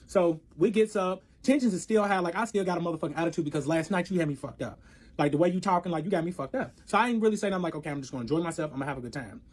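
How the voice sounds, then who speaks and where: A man telling a story in casual chat, animated and profane, acting out both sides of the arguments. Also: fairly high pitch, very fast, slightly rough.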